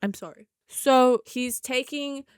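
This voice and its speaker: A woman's voice: high-pitched, takes it slowly, clean tone, dry recording, clean studio sound. A young woman with a slight lisp recapping a movie casually, sarcastic and exasperated with mocking asides. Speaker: movie reviewer.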